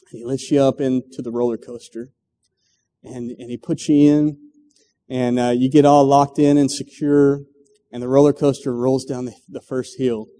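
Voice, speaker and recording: Dark-voiced middle-aged preacher in a reverberant hall. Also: male voice, mid-range voice. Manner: storytelling with acted quotes and frequent restarts. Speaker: pastor. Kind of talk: sermon.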